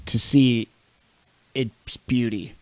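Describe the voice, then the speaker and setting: A man voicing a solemn winter spirit in a slow, quiet, halting way. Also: mid-range voice, fairly even intonation, no echo.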